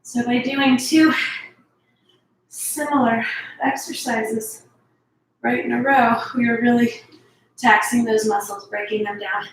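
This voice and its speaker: A woman's voice: a little high, fairly even intonation, slow pace, long pauses, recorded from a distance, a little hiss or hum. Upbeat woman coaching a workout, echoey. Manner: encouraging, chatty, breathy between sets. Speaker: fitness instructor. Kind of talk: workout instruction. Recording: echoey room, voice from off-mic.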